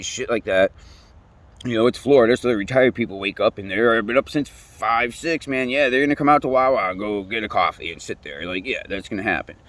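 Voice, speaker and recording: A man's voice: on the low side, a bit bright. A young man telling his own story in a casual rant, swearing often, repeating himself and trailing off mid-sentence. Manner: profane, rambling, repeats himself.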